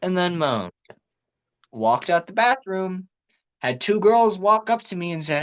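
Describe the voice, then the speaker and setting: A teenage boy co-hosting a podcast, telling stories in an animated way and swearing freely. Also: sits high, measured pace, long pauses. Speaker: podcast co-host. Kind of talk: casual chat.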